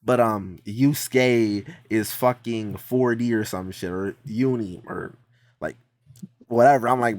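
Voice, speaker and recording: A man's voice: fairly low pitch, takes it slowly, a little mellow. A man hosting a stream, reacting to a video with blunt, profane, laughing mockery in casual chat.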